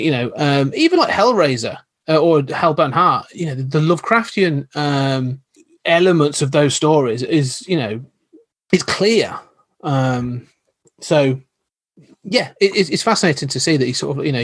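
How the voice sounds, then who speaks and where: A man's voice: mid-range voice, no room sound. A man, a podcast guest, telling stories in an enthusiastic, rambling, casual way. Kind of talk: casual chat.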